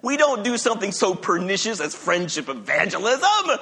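A man preaching a sermon as pastor, emphatic, moving between loud declarations and quiet low passages. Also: very animated, moderate pace, gravelly, husky. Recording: long reverb of a large hall.

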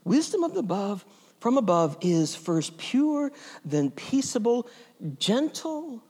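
A man preaching a sermon as pastor, earnest and reflective, sometimes dropping to a hushed near-whisper. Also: extremely high pitch, big pitch swings, slow, husky, big-room sound.

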